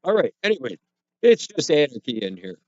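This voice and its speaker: A man's voice: a little high, very animated, a little fast, dry recording. Rambling man on a muffled livestream. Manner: rambling, self-deprecating, talks to chat and himself. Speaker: livestream host. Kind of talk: casual livestream chat. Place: home studio. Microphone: headset or desk mic with headphones. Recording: dull, muffled stream audio.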